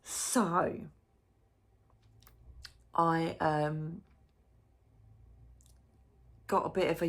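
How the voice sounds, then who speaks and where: A woman's voice: deep voice, steady tone, drawn-out words, creaky, pauses often, fairly bright tone. A woman chatting emotionally in a casual diary vlog from a hotel room. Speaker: psychic medium vlogger.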